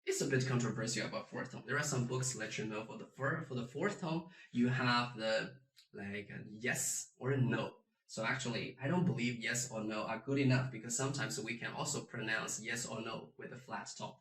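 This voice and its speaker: A man's voice: mid-range voice, brisk, distant mic. A man, a teacher, giving a beginner pronunciation lesson and acting out each tone with exaggerated sounds. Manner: animated, demonstrates tones with sung and exaggerated sounds. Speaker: Mandarin teacher. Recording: roomy, a bit off-mic.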